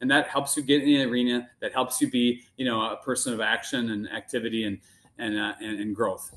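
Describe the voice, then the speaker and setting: A man's voice: mid-range voice, level tone, fairly quick, fairly bright tone. A middle-aged man as a podcast guest, speaking earnestly and often repeating words while he searches for them. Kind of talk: casual interview conversation.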